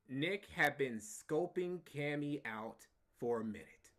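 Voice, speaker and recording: A man's voice: medium pitch, animated, slow, a bit bright. Mocking, foul-mouthed male streamer. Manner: profane, mocking, repeats himself for emphasis. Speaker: streamer reacting to clips. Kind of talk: casual live-stream commentary.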